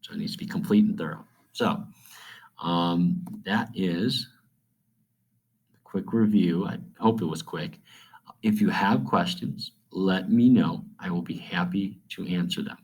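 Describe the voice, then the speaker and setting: A man with a notably low voice walks students through a review lesson. He talks in a plain, conversational way, stopping often with "um" and "okay?" to check they follow. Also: measured pace, a little mellow, rough recording. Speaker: teacher.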